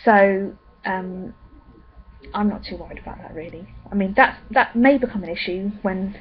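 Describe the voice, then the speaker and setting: A young woman chatting in a rambling way with many pauses and ums. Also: medium pitch, lo-fi sound. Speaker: vlogger. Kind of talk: casual pregnancy update vlog.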